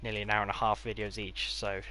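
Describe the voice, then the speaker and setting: A man's voice: fairly low pitch, flat delivery, fast talker, sharp tone. A man giving a casual, rambling tour of his game builds, with offhand delivery and dry sarcastic asides. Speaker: gaming creator.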